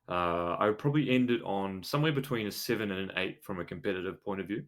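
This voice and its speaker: A man hosting a podcast in casual chat, relaxed and hedging with fillers. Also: low-pitched, fast. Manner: relaxed, hedging with "you know" and "um". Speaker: podcast host.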